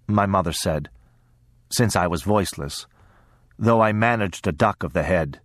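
A man reading a first-person story aloud in a measured, steady way, as an audiobook narrator. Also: low voice, dry recording, clean studio sound.

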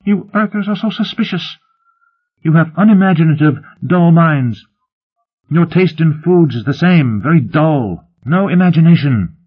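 A man voicing a prim, fastidious alien companion who pleads and scolds in a raised, fussy tone, over a tinny phone-like line. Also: a little high, animated, breathy edge, voice pushed up. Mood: scornful. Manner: prissy, pleading.

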